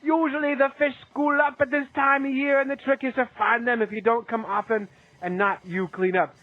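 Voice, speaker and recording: A caller putting on a hammy, slang-heavy Australian lure-maker persona. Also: male voice, very high-pitched, little pitch movement, brisk, no echo, narrow, tinny audio, faint music behind. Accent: put-on Australian. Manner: hammy, slang-heavy, laughing at his own impression.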